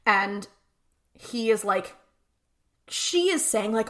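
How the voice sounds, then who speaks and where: A woman with a bright, clear voice recaps a TV episode in casual podcast chat. She tells the story in a chatty way and slips into the characters' lines as she goes. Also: medium pitch, lively intonation, measured pace, pauses often. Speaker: podcast co-host.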